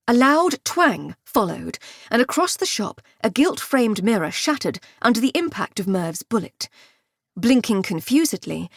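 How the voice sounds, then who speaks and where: A woman narrating an audiobook with expressive, wry comic storytelling. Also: medium pitch, slightly rough, no room sound, studio quality. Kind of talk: scripted narration.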